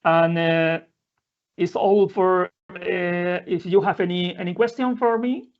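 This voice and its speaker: A man presenting a live software demo in non-native English, halting often with fillers and restarting his sentences. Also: sits high, steady tone. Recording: dull lo-fi audio.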